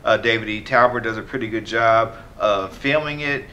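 A man co-hosting a movie review, speaking in a measured, articulate way with a dry wit. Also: on the low side, sharp tone, lo-fi sound, a little hiss or hum. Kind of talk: casual review chat.

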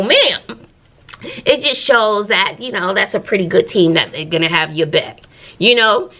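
A woman teacher with a Southern US accent, chatting in a casual vlog from her classroom, animated, with folksy asides. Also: medium pitch. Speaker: teacher and vlogger. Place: classroom at school.

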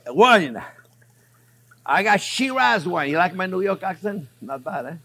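A man's voice: high-pitched, unhurried. A man hosting a cooking show in a kitchen, chatty and enthusiastic, talking to his viewers as friends. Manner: animated, enthusiastic. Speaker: chef and cooking show host. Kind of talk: cooking demonstration.

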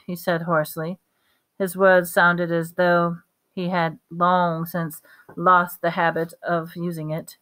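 A woman reading a novel aloud at a steady pace, now and then slipping on a word and re-reading it. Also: fairly low pitch, unhurried. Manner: steady reading with small slips and re-reads. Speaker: reader.

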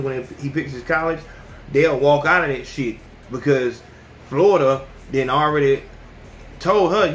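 A man hosting a podcast, ranting casually and with plenty of profanity, who often jumps into high yelling voices to mimic people. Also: reverberant, slight background noise. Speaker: podcast host. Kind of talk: casual opinion rant.

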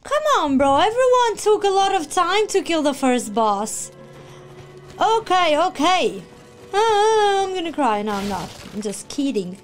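A woman streamer giving excitable live reaction commentary on a video game, shrieking, gasping and talking to the characters on screen. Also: extremely high pitch, unhurried, soft background music. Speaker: gaming streamer.

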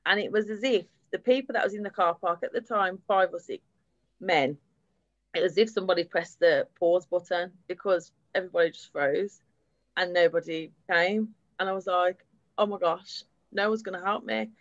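This survivor's voice sits on the low side, and she talks at a moderate pace while recounting her own experience at a public event. Her retelling is candid and steady, with fillers, and the lo-fi audio has no room sound.

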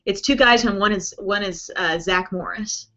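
A woman beauty vlogger chats loosely through viewer questions on a live stream. She rambles along with plenty of fillers, and her voice is bright and a little sharp. The stream audio is dull and lo-fi. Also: medium pitch, moderate pace. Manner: chatty, rambling, with many fillers like "um" and "like". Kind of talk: casual chat answering viewer questions.

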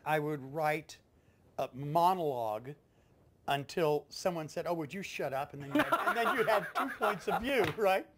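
Fast, self-deprecating man with a higher voice. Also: animated, a bit bright, slight background noise. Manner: quick, self-deprecating, tumbling phrases. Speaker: interviewee, playwright. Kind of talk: candid interview answer.

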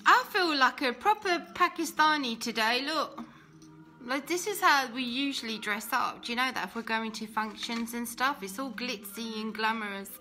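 A woman chatting casually to viewers on a live phone video from home, emotional and quick to laugh, a little out of breath. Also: a little high, lively intonation, bright, forceful tone, faint music behind. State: slightly out of breath. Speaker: Christian vlogger.

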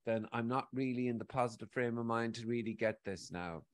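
A man's voice: medium pitch, a little fast. An Irish man in his forties, rambling and swearing freely in casual conversation as a guest. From Ireland. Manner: rambling, frequent swearing, animated. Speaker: guest speaker.

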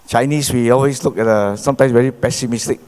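A middle-aged Malaysian pastor giving a sermon in a church, with animated preaching and frequent rhetorical questions. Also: male voice, mid-range voice, fast talker, smooth. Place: church hall. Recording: long church hall reverb.

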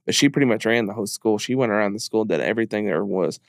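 Fast-talking earnest man. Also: lowish voice, creaky, no echo, clean studio sound. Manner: earnest, emphatic, repeats phrases; speaks openly about grief. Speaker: podcast guest. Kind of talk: candid conversational interview.

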